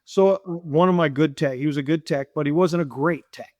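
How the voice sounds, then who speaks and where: A middle-aged man tells stories about his business in a casual interview. His voice sits a little high, and the recording is dry and close. He acts out the dialogue he quotes, and he repeats phrases as he goes. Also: brisk, no room sound. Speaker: business owner and guest.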